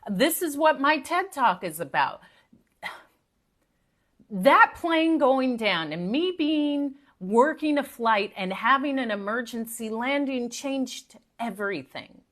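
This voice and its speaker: Animated high-voiced woman, live-stream pep talk. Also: slow. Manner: animated, preachy and playful, talks to viewers directly. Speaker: motivational speaker and live-stream host.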